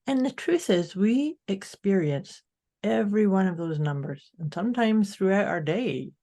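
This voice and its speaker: A woman's voice: mid-range voice, expressive, moderate pace, warm tone. A woman co-hosting a podcast in an upbeat, casual way, speaking directly to her listeners. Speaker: podcast co-host. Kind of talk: casual motivational chat.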